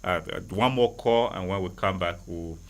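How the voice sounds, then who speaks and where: A Nigerian man hosting a call-in current affairs show, brisk and polite with callers. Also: deep voice. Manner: brisk, polite, laughs easily. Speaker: host.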